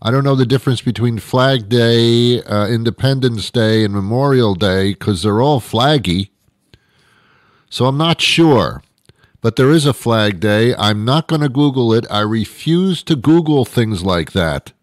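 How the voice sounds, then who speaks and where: A man's voice: medium pitch, lively intonation, a little slow, no echo. A middle-aged man hosting a comedy show, delivering a rambling, sarcastic, self-mocking monologue into a close microphone. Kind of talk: satirical comic monologue. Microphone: close studio microphone.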